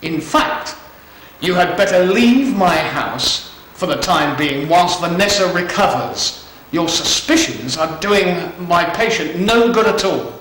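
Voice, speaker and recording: An actor playing a proper, indignant family doctor who speaks formally and sharply. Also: male voice, high voice, lively intonation, slow, fairly bright tone, slight background noise, exaggerated voice. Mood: stern. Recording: roomy, distant old VHS audio.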